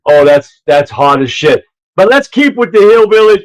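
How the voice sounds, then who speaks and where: A man hosting a casual livestream, talking loudly and rambling between clips, on an earpiece mic. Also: sits high, big pitch swings, normal speed, poor audio. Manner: loud, rambling, laughs at his own clips. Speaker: livestream host.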